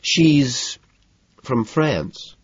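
A man's voice: medium pitch, drawn-out words, slightly rough, no room sound, voice pushed up, heavily acted. A man doing a cool, calculating rich young man. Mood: calm, guarded. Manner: calm, clipped, sometimes whispered. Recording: slightly muffled audio.

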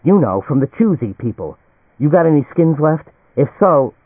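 A man voicing an excited, pushy male neighbor in a raised, eager voice. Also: medium pitch, moderate pace, no echo. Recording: dry, tinny phone-like audio.

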